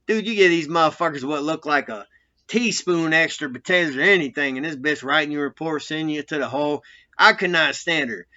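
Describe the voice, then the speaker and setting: A man's voice: fairly high pitch, sharp tone. A man telling rambling, profanity-laden stories about his time in prison, often laughing through them. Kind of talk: casual storytelling. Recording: dull lo-fi recording.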